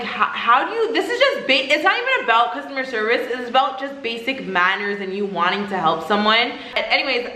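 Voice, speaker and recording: A young woman talking in a casual vlog, animated and exasperated, with laughing asides. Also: a little high, a little hiss or hum. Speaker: vlogger. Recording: echoey room.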